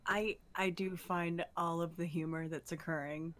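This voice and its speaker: A woman's voice: fairly low pitch, steady tone, normal speed, fairly bright tone. A young adult woman chatting eagerly as a player at a tabletop game. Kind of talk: casual chat at a tabletop game.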